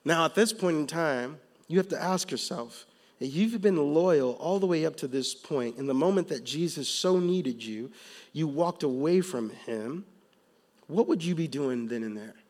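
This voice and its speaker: A man preaching a sermon, moving from calm teaching to loud, emphatic passages, with casual slang in his storytelling. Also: on the high side, moderate pace. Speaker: pastor.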